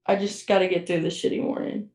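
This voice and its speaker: A young woman co-hosting a podcast in casual chat, blunt and quick to swear and laugh. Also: medium pitch, little pitch movement, vocal fry, a little mellow, distant mic. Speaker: podcast co-host. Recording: echoey room, set back from the mic.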